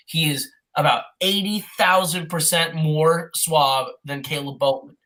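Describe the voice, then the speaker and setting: A podcast co-host recapping an old film in a rambling, profane, excitable way, sometimes doing quick mock voices. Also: mid-range voice. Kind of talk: casual comedic chat.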